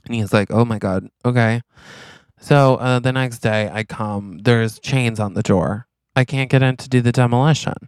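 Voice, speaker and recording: A man's voice: medium pitch, clear, resonant tone, no echo, clean studio sound. A young man co-hosting a comedy podcast, improvising a silly story and acting out the dialogue of both characters. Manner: acts out both sides of a made-up scene, quick asides. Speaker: podcast co-host.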